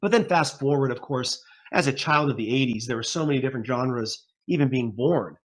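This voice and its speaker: A man's voice: mid-range voice, brisk. A man in his forties, a guest musician telling his story in a rambling, casual interview, laughing often.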